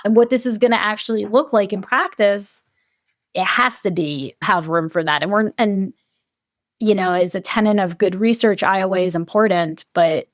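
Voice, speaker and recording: In this conversational podcast interview, the guest is a woman researcher whose voice sits on the low side. She speaks with animation and frequently imitates the voices she quotes, captured in clean studio quality without echo.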